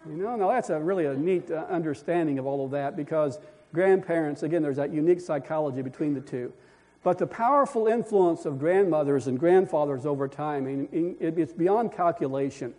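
Older preacher man, higher-pitched voice. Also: brisk, a little mellow. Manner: rambling, chuckling, with frequent restarts and fillers. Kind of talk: folksy storytelling sermon.

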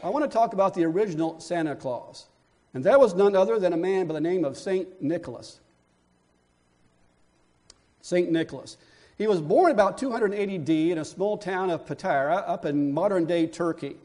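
A man's voice: high voice, normal speed, a little mellow. A male pastor preaching a sermon, building emphasis through repeated phrases.

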